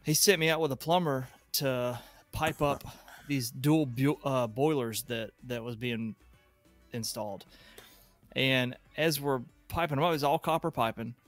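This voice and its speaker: A man's voice: medium pitch, unhurried, fairly bright tone, faint music behind. A man co-hosting a podcast and casually telling a long, rambling story from his early working days, with frequent restarts. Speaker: podcast co-host.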